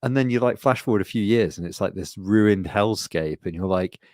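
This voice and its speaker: Low-voiced man ranting casually. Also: normal speed, dry recording, clean studio sound. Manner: rambling, sweary, animated storytelling. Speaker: podcast co-host. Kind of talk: casual chat.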